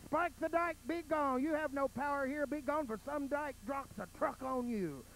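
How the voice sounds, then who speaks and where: Casting: male performer as a dashing fairy-tale savior, grand and commanding, high voice. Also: normal speed, fairly bright tone, slight background noise. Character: handsome gay fairy-tale hero, commanding.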